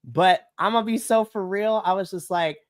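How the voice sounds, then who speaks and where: An excitable podcast co-host chatting casually about a show. Their voice sits at a middle pitch. They retell moments by acting out their own reactions in quotes. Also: moderate pace. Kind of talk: casual wrestling review chat. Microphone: podcast mic.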